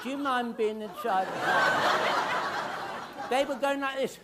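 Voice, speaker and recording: A man telling a comic story on stage, shouting officers' orders and getting the audience to shout call-backs. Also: extremely high pitch, a little slow, very noisy. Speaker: music hall comedian. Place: theatre stage before a live audience. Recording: music hall stage with audience.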